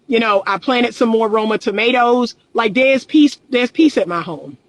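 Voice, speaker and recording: A woman's voice: a little high, normal speed, no room sound, rough recording. A middle-aged woman and relationship coach, talking candidly and emphatically in a casual livestream, repeating her points and often laughing.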